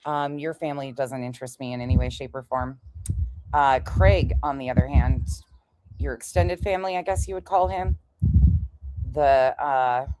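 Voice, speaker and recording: A woman's voice: very deep voice, normal speed, background noise. A woman ranting in a commentary vlog, sarcastic and mocking, swearing often. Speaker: online commentator.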